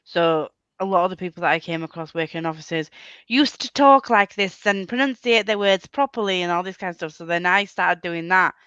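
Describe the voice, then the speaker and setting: Host: Yorkshire woman, bright chatty voice, laughs easily, slightly muffled call audio. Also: on the low side, brisk, clean tone, no room sound. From Yorkshire, England. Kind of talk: casual chat on a livestream.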